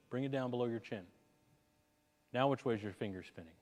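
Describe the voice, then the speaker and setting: A man gives a talk at a chamber of commerce meeting, keeping it energetic and conversational and throwing questions at the crowd. His voice sits in the middle range. It rings with a long hall reverb. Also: medium pitch, a little fast, long pauses. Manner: energetic, chatty, asks the audience questions. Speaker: networking presenter. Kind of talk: live presentation to a small audience.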